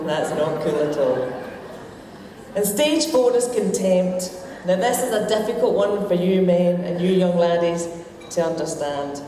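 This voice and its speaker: A Scottish woman delivers a wry, joking after-dinner speech at an unhurried pace, slipping Scots words into her lines. Her voice rings through a large hotel ballroom with heavy echo and a long reverb tail. Steady background noise sits under the whole recording. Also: medium pitch. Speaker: guest speaker. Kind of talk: humorous after-dinner speech and recited poem.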